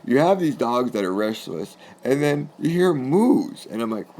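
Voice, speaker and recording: A man from New England recounts a personal story in loose, rambling, conversational speech. His voice has a gravelly, creaky grain, and he chuckles often while telling it. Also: mid-range voice, animated, unhurried, darkish tone. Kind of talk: casual spoken anecdote.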